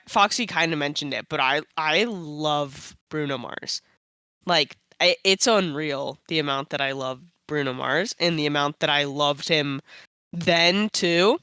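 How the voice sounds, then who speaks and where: A young woman tells a casual story on a podcast. Her voice is bright and crisp, and the sound is dry and close. She is animated and laughs often, and her voice jumps high when she quotes herself. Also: dry recording. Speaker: podcast co-host.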